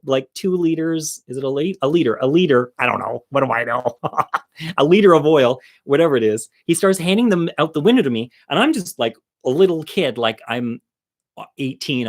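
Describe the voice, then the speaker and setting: A man telling a personal story, animated and swearing freely, acting out his own shouting with sharp jumps in pitch.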